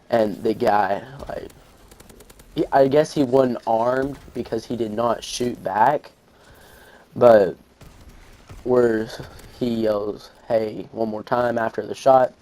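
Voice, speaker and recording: A man's voice: lowish voice, a little mellow, poor audio. A young man, telling a long story casually over gameplay, rambling with fillers and restarts. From Arkansas, USA. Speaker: gaming channel host.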